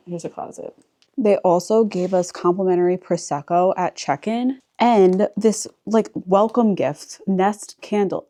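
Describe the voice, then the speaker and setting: A woman's voice: medium pitch, dark tone. A woman touring a resort on camera as a vlogger, chatting casually and exclaiming at what she sees while she walks through the rooms. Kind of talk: casual walk-through vlog narration. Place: indoor resort spaces while walking.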